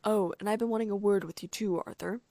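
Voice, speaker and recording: A woman's voice: mid-range voice, fast talker, mellow, no echo, close to an everyday voice. A woman voicing a stiff, rule-bound male official who speaks curtly and with dry sarcasm. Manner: curt and dryly sarcastic. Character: stiff, strict older male ministry official.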